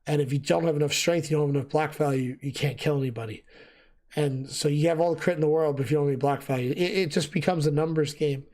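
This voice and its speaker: A man talks through his game setup in an easy, unscripted way, pausing on fillers as he works things out. His voice sits a little high and is worn, as he is losing it. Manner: relaxed, thinking aloud with fillers. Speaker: gaming video host. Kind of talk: casual gameplay gear explanation.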